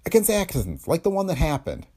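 A man voicing a nervous young actress, breathy and stammering, in an audiobook of a detective story. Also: a little high, huge pitch swings, fast talker, mellow, voice pushed up. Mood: evasive. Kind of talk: audiobook character voice.

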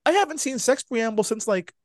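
A man's voice: very high voice, expressive, brisk, dry recording, clean studio sound. A man co-hosting a casual podcast chat, swearing and laughing as he rants. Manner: profane, laughs while ranting. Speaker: podcast co-host.

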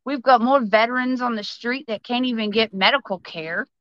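On a podcast, a female guest launches into a heated political rant, passionate and profane, with words flowing fast and intensity climbing. Her voice sits on the high side, and the audio is dull with no echo.

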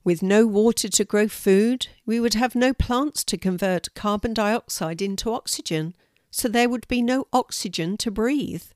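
Reading a storybook, a woman voices a kindly female guide who patiently explains things like a teacher. She pitches it slightly above her own voice, though it stays close to everyday speech, with a medium, a little mellow tone and a measured pace. The recording is clean studio sound with no room noise.

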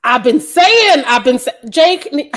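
A woman's voice: high-pitched, animated, a little slow, fairly bright tone. A woman co-hosting a casual podcast, blunt and profane, laughing often. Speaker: podcast co-host.

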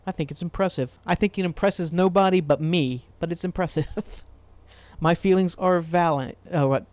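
A man's voice: sits high, normal speed, a little mellow, no echo. A man from Ohio hosting a casual solo podcast, rambling loosely, swearing freely and laughing at himself. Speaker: podcast host.

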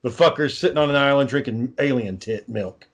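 A man's voice: medium pitch, brisk. A man ranting sarcastically and swearing constantly in a casual conversation. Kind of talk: casual profane chat.

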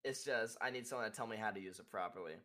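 A man's voice: racing, pushed and bright. A young man, a musician guest on a podcast, talking casually and rambling with filler words and swearing. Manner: rambling, casual, swearing, demonstrates singing in high falsetto.

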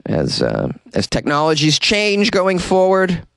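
A man hosting a comedy podcast, reading odd news stories with sarcastic deadpan asides, recorded in a closet. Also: high-pitched, a little slow, creaky, dry recording.

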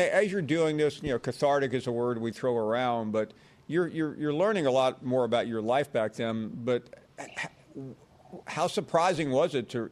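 A man's voice: medium pitch, a little mellow. Guy hosting an interview, trips over his words a lot asking stuff. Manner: stumbling, repeats words while framing questions. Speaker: interview host. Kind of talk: hosted interview.

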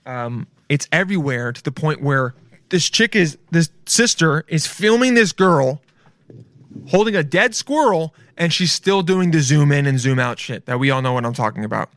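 Reaction host, male, slightly high voice, dry close sound, rambling and excitable, heavy on "dude". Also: moderate pace, no echo. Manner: rambling, excitable, says "dude" often, swears. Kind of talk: casual reaction commentary.

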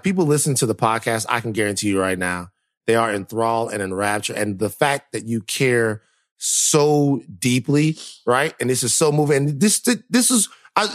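A man co-hosting a podcast, chatting casually and telling stories in a joking, animated way. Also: medium pitch. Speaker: podcast co-host. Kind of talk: casual chat.

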